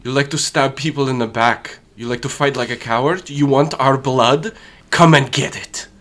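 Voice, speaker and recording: A man voicing a fanged changeling who shouts angry taunts. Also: mid-range voice, moderate pace, pitched above the performer's own voice, close to an everyday voice. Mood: taunting shout.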